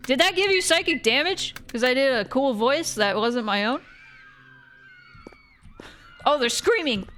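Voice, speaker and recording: A woman's voice: high voice, lively intonation, moderate pace, few pauses. A woman streaming a game, joking around and reading its dialogue aloud. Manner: playful, jokey, reacts loudly. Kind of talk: let's play commentary, reading dialogue aloud.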